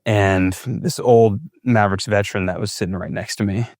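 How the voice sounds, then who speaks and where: Low-voiced man telling a surf story. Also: steady tone, normal speed, darkish tone, dry recording, clean studio sound. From California. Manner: vivid retelling with acted-out inner thoughts. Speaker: big wave surfer guest. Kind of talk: storytelling in a podcast interview.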